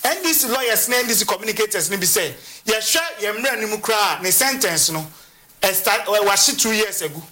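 A lawyer explaining legal process on a talk show, halting and repeating words as they go. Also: mid-range voice, lively intonation, pushed and bright. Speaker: lawyer guest.

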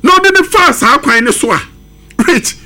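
A man's voice: very high-pitched, animated, moderate pace, pushed and bright. A man giving emphatic football analysis on a sports radio show, switching between English and Twi. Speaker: football pundit.

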